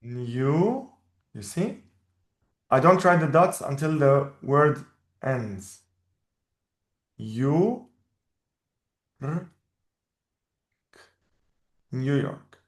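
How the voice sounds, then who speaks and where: Patient Arabic teacher in an echoey room. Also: male voice, mid-range voice, expressive. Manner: patient, repeats each word slowly. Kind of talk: language lesson. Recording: roomy echo.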